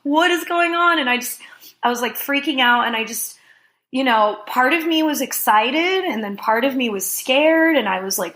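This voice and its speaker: A woman in her thirties speaks as a podcast guest, her voice slightly high. She tells a long story in a casual, animated way, breaking into laughter and filling her talk with "like.". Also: normal speed. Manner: animated, laughing, heavy use of "like".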